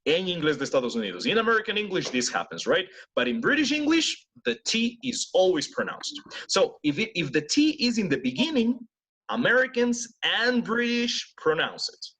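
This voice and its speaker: Lively bilingual English teacher. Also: male voice, high-pitched, moderate pace, husky. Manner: switches between English and Spanish, drills students with repeated words. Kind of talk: online class teaching pronunciation.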